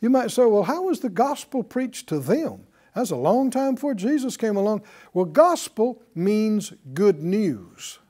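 A man's voice: high-pitched, very animated, unhurried, few pauses, mellow. A man preaching a sermon, asking the congregation questions and acting out quotes. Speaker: pastor.

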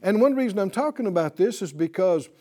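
A man's voice: high-pitched, expressive, brisk, mellow. A man teaching a Bible class to students who answer him, speaking emphatically and quizzing them with questions.

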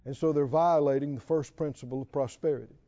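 A man's voice: a little high, steady tone, quick pace, warm tone, muffled recording. A middle-aged male pastor preaching a sermon, punctuating his points with emphatic exclamations and quoted scripture.

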